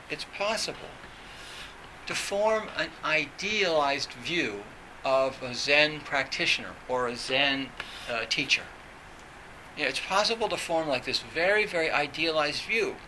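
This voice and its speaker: A man's voice: a little high, measured pace, bright, forceful tone, a little hiss or hum, rough recording. A man teaching as a Zen teacher in an informal dharma talk, meandering with many restarts and "you know" fillers.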